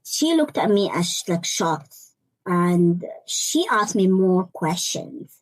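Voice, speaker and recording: A woman's voice: fairly low pitch, lively intonation, no echo, rough recording. Earnest woman, dry close sound. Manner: earnest, halting, repeats words as she searches for them. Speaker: interview guest, life coach. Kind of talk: personal testimony in conversation.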